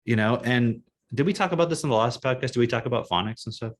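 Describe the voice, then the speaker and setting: A man co-hosting a podcast in casual chat, animated and blunt, laughing often and swearing now and then. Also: mid-range voice, quick pace. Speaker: podcast co-host.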